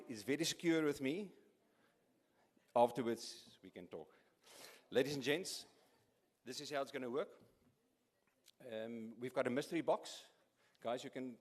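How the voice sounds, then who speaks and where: A man's voice: medium pitch, darkish tone. A man running a charity auction at an awards evening, cracking jokes and often stopping to restart his words. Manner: jokey, halting with many restarts and repeats. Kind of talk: live event MC, joking auction patter. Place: large event hall. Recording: echoey hall.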